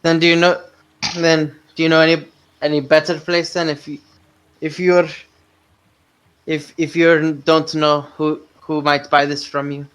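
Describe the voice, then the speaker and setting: A man's voice: a little high, little pitch movement, measured pace, long pauses, a bit bright, clean tone. A man talking casually as a player in a tabletop game, stumbling over his words. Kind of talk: tabletop role-play over voice chat.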